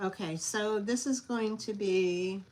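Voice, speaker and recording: Speaking slowly in a mid-range, slightly mellow voice, a middle-aged woman from Long Island, New York hosts a live sales stream for collectibles. She chats, wanders off into asides, and reads viewer comments out loud before answering them.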